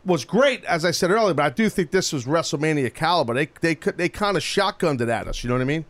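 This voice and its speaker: A man hosting a call-in radio show who talks in a brash, slangy, animated way. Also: a little high, fast. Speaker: radio talk show host.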